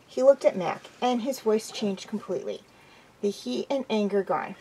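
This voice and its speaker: A woman reading narration for an amateur audiobook in a plain, steady way. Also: on the high side, normal speed, husky, low-quality recording. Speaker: audiobook reader.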